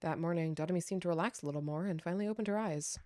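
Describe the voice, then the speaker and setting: A woman streamer reading a game's narration aloud in a steady narrative manner. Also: fairly low pitch, racing, soft background music. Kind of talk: reading game text aloud.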